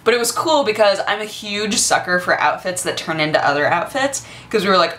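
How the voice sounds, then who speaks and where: A young woman in her twenties chatting casually to the camera on her vlog, gushing and excitable with lots of fillers. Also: medium pitch, fairly quick, few pauses, a little hiss or hum. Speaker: vlogger.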